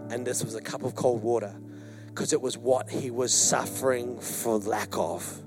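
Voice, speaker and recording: A male pastor preaching a sermon, telling a personal story with lively acted-out quotes to his congregation. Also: medium pitch, normal speed, over music. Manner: animated storyteller, acts out quotes, addresses congregation. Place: church hall.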